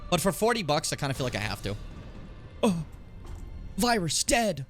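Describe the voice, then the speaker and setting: A young man streaming a game, his high voice swinging wildly up and down as he whoops at the screen. He curses, laughs and shouts taunts at enemies, with game music playing clearly behind him. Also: sing-song, normal speed. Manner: loud, profane, laughing outbursts and shouted taunts. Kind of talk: live gameplay commentary.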